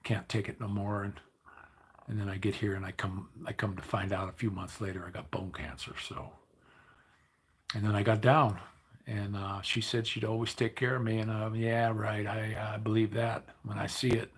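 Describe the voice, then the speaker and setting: An older man chatting casually to his livestream viewers, weary and low on energy, rambling and grumbling with many restarts. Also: level tone, normal speed. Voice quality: gravelly, raspy. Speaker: livestream host.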